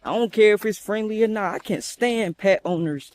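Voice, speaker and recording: A young man telling a story while walking outdoors, chatty and animated, with nervous asides. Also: sits high, moderate pace, few pauses, no echo. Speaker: vlogger. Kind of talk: casual story-time vlog.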